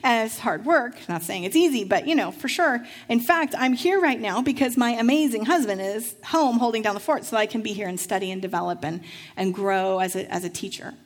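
A middle-aged woman pastor delivering a sermon, telling a lively personal story and acting out the voices of the people in it. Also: fairly high pitch, brisk. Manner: storytelling, acts out voices in anecdotes.

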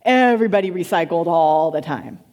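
A woman pastor teaching a church congregation in an animated way, asking the room questions. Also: fairly low pitch, moderate pace, lo-fi sound.

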